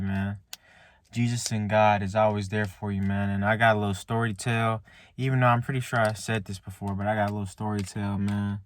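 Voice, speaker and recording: A man's voice: on the low side, a little hiss or hum. A man in a car telling a faith story to his viewers in loose casual talk, tagging lines with "man" and restarting often. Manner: relaxed, repeats "man" and "like" often, halting restarts. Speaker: vlogger. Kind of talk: casual faith testimony to camera. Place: inside a car.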